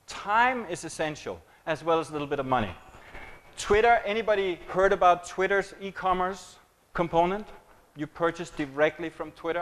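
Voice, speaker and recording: Man, keynote presentation, conversational, quizzes the audience, fairly high pitch. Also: fairly bright tone, low-quality recording. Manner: conversational, engages audience with questions and jokes. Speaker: keynote speaker on marketing. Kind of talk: conference presentation.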